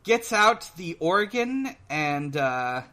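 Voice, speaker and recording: A man co-hosting a podcast in casual chat, recapping a cartoon in a hesitant, halting way full of pauses. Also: fairly high pitch, very animated, sharp tone. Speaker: podcast co-host.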